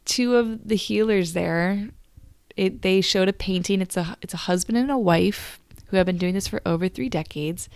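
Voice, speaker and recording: Gravelly-voiced woman confiding a personal story. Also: medium pitch, darkish tone, no echo, studio quality. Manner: confiding, emotional, halting with restarts. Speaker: podcast host. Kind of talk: solo podcast storytelling.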